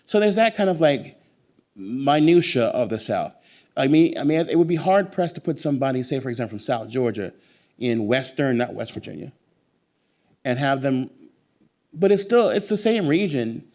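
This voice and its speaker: A man with a mid-range voice speaks as the guest author at a bookstore event. He is animated and emphatic, and his answers wander into long, lively digressions. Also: mid-range voice, moderate pace.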